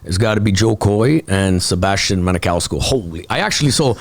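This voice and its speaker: A man who is a comedian, telling stories as a guest in a casual podcast chat, animated and profane. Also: deep voice, a little fast. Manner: animated storytelling, frequent swearing.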